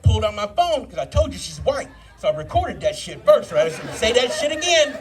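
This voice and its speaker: A man's voice: high voice, big pitch swings, a little fast, a little mellow, soft background music. A man in his fifties doing a live stand-up set, telling profane stories and working the crowd. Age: 50s. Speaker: stand-up comedian. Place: live brew pub comedy show.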